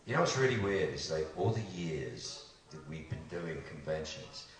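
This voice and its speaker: A man's voice: very deep voice, expressive, normal speed. Older man joking in an echoey hall. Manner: joking, slips into mock voices. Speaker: actor panelist. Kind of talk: convention panel banter. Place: large convention hall. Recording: echoey hall from far off, noisy.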